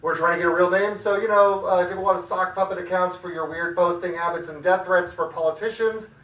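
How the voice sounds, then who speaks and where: A man closes out a comedy open mic with rambling, self-deprecating jokes in a high, bright, sharp voice. He sounds distant and roomy, with a faint hiss under the sound. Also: steady tone, fast talker. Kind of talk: wrapping up a comedy show. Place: back room of a restaurant. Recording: echoey room, far mic, faint noise.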